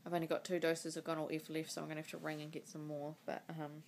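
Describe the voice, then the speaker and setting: Tearful woman with a gravelly low voice. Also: monotone, darkish tone, a little hiss or hum. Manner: emotional, halting, sighing. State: crying. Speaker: vlogger. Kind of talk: tearful personal video diary. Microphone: phone mic.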